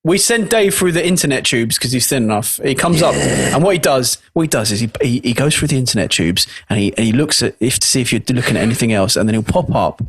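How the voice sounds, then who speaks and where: A man co-hosting a podcast, joking around in loud, crude, playful banter. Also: mid-range voice, animated, quick pace, hardly any pauses, breathy edge. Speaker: podcast co-host. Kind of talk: casual banter.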